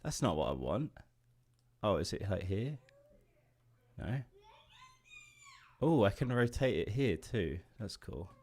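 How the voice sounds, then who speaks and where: An English man in his late twenties talks through a livestream as he works, in a slightly low voice. He rambles and loses his thread, laughs often and swears offhandedly as he chats. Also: sing-song, slow, long pauses, darkish tone, husky. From England. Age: late 20s. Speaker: indie game developer streaming. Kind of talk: casual livestream chat while drawing.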